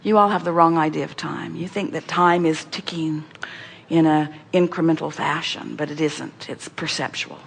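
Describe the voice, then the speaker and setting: A woman giving an inspirational spiritual talk, speaking as "we" and addressing the listener directly, emphatic and repetitive, with sudden jumps in pitch and volume. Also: steady tone, normal speed, gravelly, slight background noise. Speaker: spiritual teacher channeling a group voice. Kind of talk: inspirational talk to a seminar guest.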